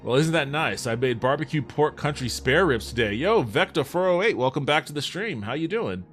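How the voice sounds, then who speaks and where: A man riffs casually with his viewers on a livestream, reading their messages aloud and answering them. His talk is loose and sprinkled with swearing. Faint music sits softly in the background. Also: a little high, expressive, brisk. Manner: laid-back and profane, reads chat aloud and answers it.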